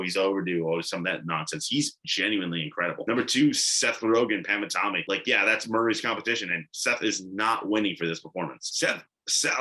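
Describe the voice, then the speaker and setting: A man's voice: low-pitched, pushed and bright, poor audio. A man giving casual, blunt commentary on TV award predictions, swearing and rambling with asides.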